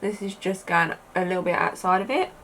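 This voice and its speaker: A woman's voice: lowish voice, fairly quick, a bit bright, slight background noise. A young British woman chatting her way through a makeup tutorial, rambling with lots of fillers. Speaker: beauty vlogger.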